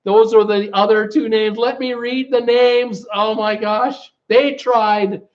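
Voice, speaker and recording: A man hosting a live-stream trivia chat who keeps breaking into laughter while reading viewer comments, his voice gone hoarse from laughing. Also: sits high, steady tone, slow pace, lo-fi sound. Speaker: host of a live cruise news and trivia stream.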